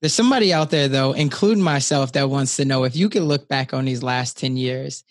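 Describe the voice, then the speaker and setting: A man's voice: mid-range voice, brisk, no echo, clean studio sound. A man hosting an interview, posing long, winding questions to his guest. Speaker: podcast host.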